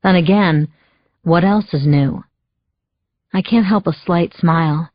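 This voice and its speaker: A woman narrating a first-person thriller audiobook in a measured, wry inner-monologue voice. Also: fairly low pitch, no room sound. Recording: dull lo-fi dry audio.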